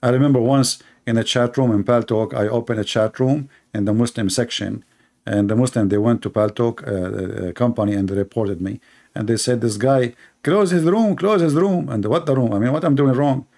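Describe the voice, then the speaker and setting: Brief: sarcastic commentator, a man with an Arabic accent, middle pitch, broken grammar, mocking delivery, repeats words. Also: fairly quick, gravelly, darkish tone. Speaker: Christian apologist commentator. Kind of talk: mocking monologue.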